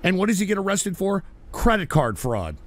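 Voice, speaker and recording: A man hosting a call-in show, loud, abrasive and swearing as he banters with callers. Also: high voice, big pitch swings, normal speed, a little hiss or hum. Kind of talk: profane call-in radio banter.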